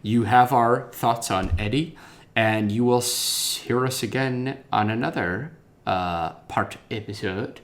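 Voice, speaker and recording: A man's voice: mid-range voice, takes it slowly, a bit bright. A man hosting a casual book-discussion podcast, enthusiastic and peppered with filler ums. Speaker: podcast host.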